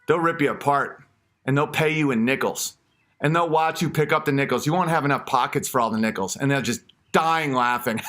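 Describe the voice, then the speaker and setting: A man's voice: medium pitch, fairly quick, a bit bright. A man hosting an online comedy rant, crude and mocking.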